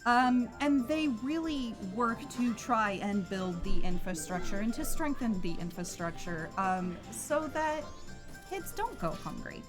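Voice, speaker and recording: Woman from Iowa, charity stream co-host, slow delivery, music in the background. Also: on the high side, lively intonation. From Iowa, United States. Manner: easygoing, laughs often, earnest when appealing. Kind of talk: casual chat and charity appeal. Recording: music playing underneath.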